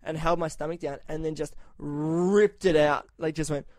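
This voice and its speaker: A male podcast host with a fairly high voice speaks at normal speed in a dry recording. In casual chat he tells a long, profane anecdote, animatedly acting out the other people in it with quoted voices.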